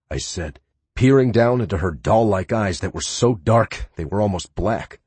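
A man's voice: on the low side, animated, moderate pace, a little mellow, slightly rough, no echo. A man giving first-person audiobook narration in a sarcastic, playful and brash manner.

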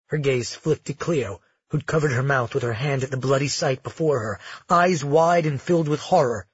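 A male audiobook narrator telling the story in a measured, dramatic way. His voice is husky and a little high. The recording is dry and dull, with a lo-fi sound. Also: dry recording.

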